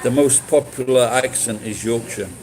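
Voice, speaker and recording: A man's voice: medium pitch, normal speed, poor audio. Casual sweary man, rambling with many false starts. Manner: rambling, sweary, frequent restarts. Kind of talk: casual chat.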